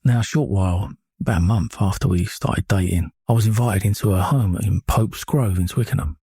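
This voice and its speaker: A man's voice: low voice, normal speed, warm tone, breathy edge, no echo, studio quality. A man telling his own story off the cuff, blunt and profane, often stopping to correct himself. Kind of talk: unscripted storytelling monologue.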